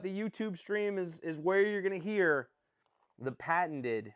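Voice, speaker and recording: A young man hosting a live stream, commenting on a sports draft in an excitable, rambling way and often correcting himself. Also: high-pitched, a little slow, clean tone.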